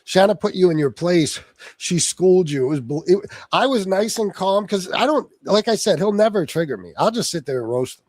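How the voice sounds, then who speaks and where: High, lively-voiced man ranting on a livestream. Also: fairly quick, no echo. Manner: profane, taunting, insults someone by name. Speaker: livestream host. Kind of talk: livestream rant.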